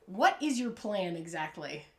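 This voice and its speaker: A woman's voice: fairly low pitch, very animated, a little slow, darkish tone, reverberant. A woman running a tabletop game as game master, laughing often as she talks.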